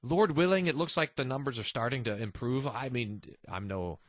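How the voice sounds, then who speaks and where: A man's voice: medium pitch, moderate pace, dry recording, clean studio sound. A man hosting a devotional podcast, talking earnestly and animatedly, often restarting his sentences. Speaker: podcast host.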